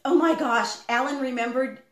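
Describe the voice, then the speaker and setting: A middle-aged homestead vlogger cooks in her home kitchen while chatting casually on a live stream in a high-pitched voice at a moderate pace. She rambles with lots of fillers, and the room sounds echoey.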